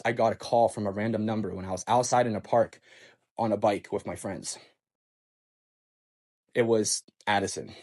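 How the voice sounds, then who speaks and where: A man's voice: fairly low pitch, darkish tone. A man telling a painful personal story in a casual monologue, often stammering, restarting words and sighing, with a subdued delivery. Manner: hesitant, stammering restarts and sighs.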